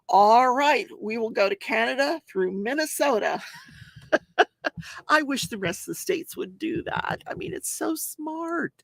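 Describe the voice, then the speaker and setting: A woman's voice: on the high side, animated, a little slow, vocal fry, dry recording, clean studio sound. An older woman hosting a casual livestream, chatting and reading viewer comments aloud while she crafts, laughing often. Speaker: host of a crafting and true-crime talk show.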